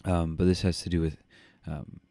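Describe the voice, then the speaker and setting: A man's voice: deep voice, little pitch movement, moderate pace, vocal fry, dark tone, no room sound. A man co-hosting a podcast, reading news aloud and commenting in a rambling way with many fillers. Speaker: podcast co-host.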